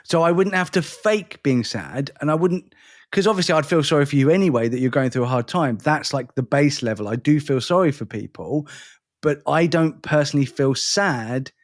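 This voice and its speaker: A man's voice: on the high side, moderate pace. Tired English man, chatty. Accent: English, between London and educated. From England. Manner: rambling, self-deprecating, restarts often. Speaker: podcast co-host. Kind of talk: casual chat.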